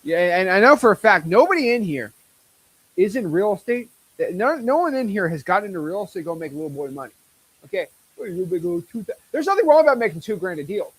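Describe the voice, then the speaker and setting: A man in his twenties hosting a casual livestream, talking in a hyped, boastful and excitable way. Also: high-pitched, quick pace. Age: 20s. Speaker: host.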